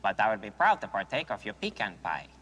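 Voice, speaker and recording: A man's voice: slightly rough, heavily acted. An actor playing a man drilling speech exercises, overenunciating each word. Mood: instructive. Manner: deliberate, overenunciated, lively pitch. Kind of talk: film dialogue. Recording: roomy hall with faint noise.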